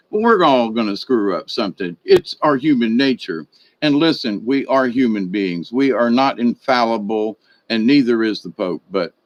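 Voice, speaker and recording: A man's voice: medium pitch, no room sound, dull audio. A man hosting a spiritual livestream, reading chat comments in a rambling, folksy way full of fillers and restarts. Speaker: spiritual video host.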